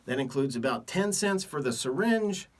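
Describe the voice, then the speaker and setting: A middle-aged physician from Texas talks to camera without a script, dropping wry jokes between his points. His pitch swings up and down, and his voice sits a little back from the microphone. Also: animated, moderate pace, recorded from a distance. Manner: joking, wry asides. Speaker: physician hosting a video series. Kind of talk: unscripted talk to camera.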